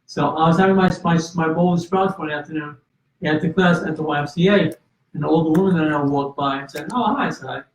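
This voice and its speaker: A man's voice: fairly high pitch, fairly even intonation, fast talker, slight background noise. A man telling a personal story in an interview, earnest, with restarts and fillers. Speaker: guest. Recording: roomy, distant and slightly dull.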